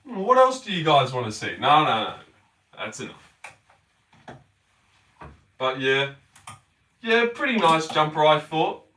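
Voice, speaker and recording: A young Australian man with a voice on the high side talks at a measured pace, leaving long pauses. Hosting a casual livestream, he reads out comments with loose, excitable banter full of swearing.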